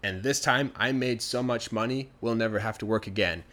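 A man voicing an excitable young bagpiper boy in a spoken folktale, talking eagerly and pleading. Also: fairly low pitch, fairly quick, lightly acted.

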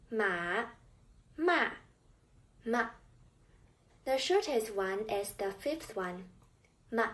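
A woman teaching a language lesson, drilling words and pausing for the listener to repeat. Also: medium pitch. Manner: drills words and pauses for repetition. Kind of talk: slow, clear language lesson.

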